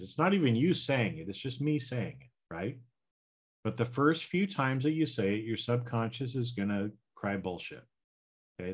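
Slow, easygoing male self-help host. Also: fairly low pitch. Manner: casual, repeats "right?" and "okay?", coaching listeners. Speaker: podcast host. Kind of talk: motivational self-help talk.

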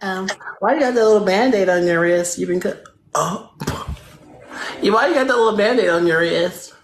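A woman's voice: medium pitch, normal speed. A woman with a Southern US accent trolling strangers on a video call, sassy, mock-pious and profane. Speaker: prankster in random video chats. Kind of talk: in-character trolling chat. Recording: echoey room, faint noise.

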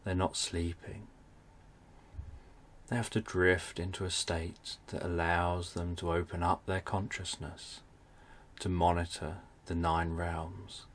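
A man's voice: low voice, little pitch movement, slow, full character voice. A man voicing a wise, drowsy dragon in a bedtime story, speaking in a sleepy, soothing way.

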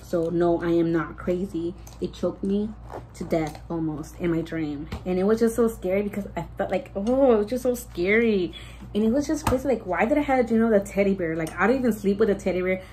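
A woman's voice: medium pitch, fairly quick, dark tone, slight background noise, poor audio. A pregnant young woman chatting casually to her viewers, rambling with lots of "like" and restarts and slipping Spanish words in. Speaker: vlogger. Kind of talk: casual storytime chat.

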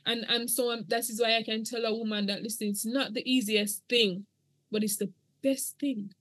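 A middle-aged woman speaks as an interview guest. She is earnest and emotional, and she uses a church-toned way of speaking. Her voice sits a little high, and the sound is dry and close. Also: fairly even intonation, moderate pace, a bit bright, no room sound. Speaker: guest sharing her story. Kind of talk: podcast interview testimony.

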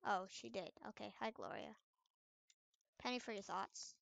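A young woman giving casual commentary over a game she is playing, swinging between loud trash talk and quiet mumbled asides. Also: mid-range voice, sing-song, moderate pace, vocal fry. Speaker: gaming video creator.

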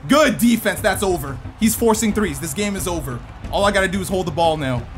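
A man giving lively commentary over his own basketball video game match, talking to himself and his viewers and breaking into sudden shouts. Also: high-pitched, brisk, faint music behind. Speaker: gaming YouTuber. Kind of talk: live gameplay commentary.

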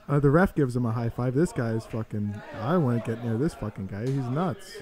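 On a live stream, a man with a mid-range voice comments casually on fight videos at a moderate pace. He swears freely, laughs a lot and bursts into excited shouts.

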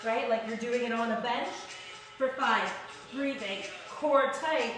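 A woman's voice: a little high, a little slow, fairly bright tone. A woman instructor leading a live workout class, upbeat and encouraging, counting reps and a little out of breath. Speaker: fitness instructor. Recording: echoey room, mic at a distance, music behind.

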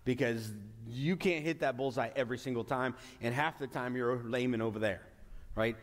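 A man's voice: medium pitch, normal speed. A man preaching a sermon as pastor, earnest, often restarting and stretching out key words for emphasis. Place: church sanctuary. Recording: long hall reverb.

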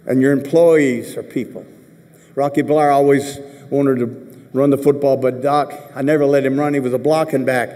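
Speaking in a fairly high pitch, a commencement speaker strings together rambling anecdotes at a large ceremony venue. He's an animated storyteller who makes joking asides and performs the voices he quotes, and the big hall adds long reverb.

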